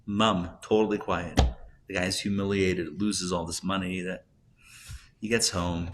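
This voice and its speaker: A man, a rabbi, teaching a live class and telling jokes, talking in a conversational way, asking the audience questions and getting loud and animated when he makes a point. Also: deep voice, measured pace, a little hiss or hum. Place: classroom or synagogue hall, recorded live.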